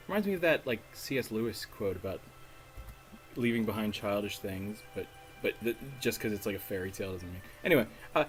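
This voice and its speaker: A man's voice: fairly low pitch, animated, a little fast, a bit bright, low-quality recording. A man commenting casually on a story game he is playing, rambling and trailing off with chuckles. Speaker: game streamer. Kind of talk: let's play commentary. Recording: faint music underneath.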